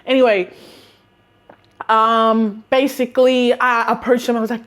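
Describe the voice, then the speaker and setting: A young woman with an Australian accent telling a casual storytime, animated and sarcastic, often breaking into laughter. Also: on the high side, unhurried. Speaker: vlogger.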